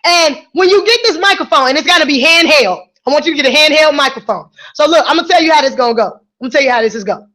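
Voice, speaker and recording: A woman hosting a radio show, giving energetic, playful motivational talk to her listeners. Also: high-pitched, very fast, few pauses. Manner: energetic, playful, preachy and encouraging.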